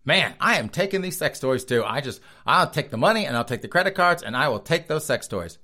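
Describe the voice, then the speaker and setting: A man's voice: mid-range voice, big pitch swings, brisk, bright, forceful tone. A man voicing a greedy burglar, talking in a casual, self-satisfied way. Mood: smug. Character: smug greedy male burglar.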